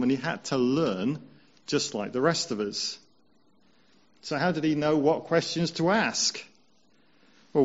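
A man preaching a conversational sermon, slowing down to stress key points. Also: medium pitch, a little mellow, muffled recording. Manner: measured, conversational, slows down for emphasis.

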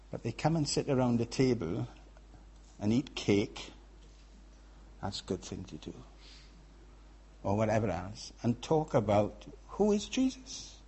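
A man's voice: mid-range voice, darkish tone, breathy edge. A man with a Welsh accent preaching a sermon in a conversational way, often checking in with the congregation. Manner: conversational, checks in with "yeah?" and "right?".

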